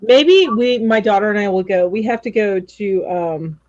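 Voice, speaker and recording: A woman co-hosting a casual crochet live show over a video call, bubbly and animated, often apologizing. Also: medium pitch, normal speed, no echo, dull audio. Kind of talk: casual chat.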